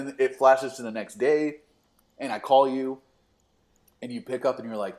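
A man's voice: medium pitch, a little fast. A young man telling a story in casual chat, acting out what people said, swearing freely and laughing often. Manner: animated storytelling, acts out quotes, frequent swearing and laughter.

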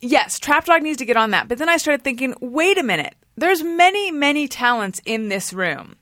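Podcast host lady, bright lively voice, laughs a lot, dry studio sound. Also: normal speed, no echo. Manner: animated, laughing often, pitching ideas. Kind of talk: casual group chat.

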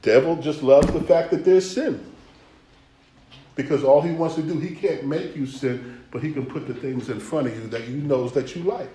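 A man's voice: fairly high pitch, normal speed, warm tone, slight background noise. A man preaching a sermon in a church, conversational and rhythmic, often asking the room if they hear him. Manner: conversational, rhythmic, calls for responses. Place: church sanctuary. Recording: echoey church hall.

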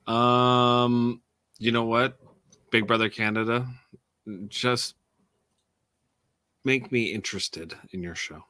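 Wry, blunt man with a bright tone. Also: medium pitch, steady tone, slow pace, pauses often, clean tone, no echo. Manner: wry and blunt, with dry jokes. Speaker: podcast co-host. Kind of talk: casual chat.

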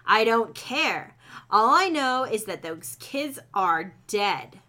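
A woman's voice: a little high, very animated, takes it slowly, sharp tone, full character voice. A woman voicing a secretive woman manager who turns defensive and snappish when pressed. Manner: defensive, blurting denials.

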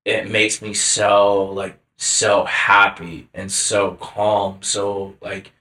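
Young man, casual chat, filler-heavy rambling, flat bright voice, roomy echo. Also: on the low side, extremely slow. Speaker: podcast co-host.

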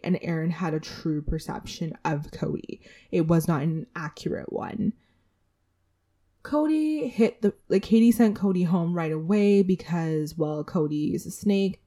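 A woman hosting her own podcast talks through a casual solo recap in a chatty, candid way, throwing in swears and asides. Her voice sits a little low and is very dark and mellow in tone. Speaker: podcast host.

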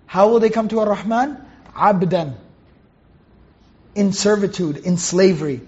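High-voiced man teaching on a dull recording. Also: unhurried, a little mellow. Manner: explains Arabic terms patiently and corrects himself mid-sentence. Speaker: Quran teacher. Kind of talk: Quran commentary lesson.

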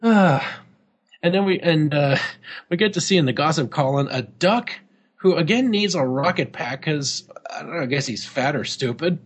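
Slightly high husky guy, joking and cussing his way thru a podcast chat. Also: lively intonation, moderate pace. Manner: jokey, swearing, laughing often. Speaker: podcast co-host. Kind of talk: casual chat reviewing an old game magazine.

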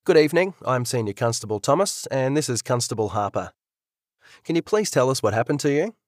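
A man's voice: medium pitch, sing-song, fairly quick, dry recording, clean studio sound, natural voice. A man voicing a middle-aged police officer who speaks formally and levelly, in an audiobook. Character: middle-aged male senior police constable.

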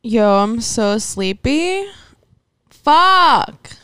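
Slow-drawling young woman. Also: fairly high pitch, lively intonation, clear, resonant tone, dry recording. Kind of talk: casual chat.

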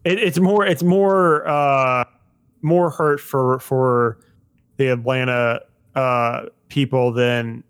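A man's voice: medium pitch, steady tone, takes it slowly, clear, resonant tone. A man hosting a casual podcast chat, rambling with lots of fillers and swearing. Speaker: podcast host.

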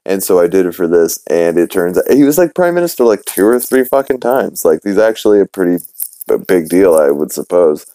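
Brief: low, dark-voiced male podcast host, rambling casual recap, dry close mic. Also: big pitch swings, fairly quick, no room sound. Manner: rambling, filler-heavy, swears casually.

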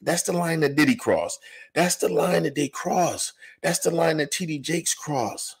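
A man giving rambling, animated commentary to camera, full of "you know" asides. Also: a little high, a little slow, vocal fry, breathy edge. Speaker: commentary vlogger. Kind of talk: casual ranting commentary.

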